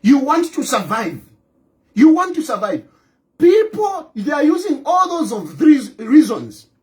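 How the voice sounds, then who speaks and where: A Zambian man with a high, swooping voice delivers a fiery political monologue. He is forceful and repetitive, drives each point home several times and punctuates his attacks with scornful laughter. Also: wildly swooping pitch, a little slow. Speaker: political commentator.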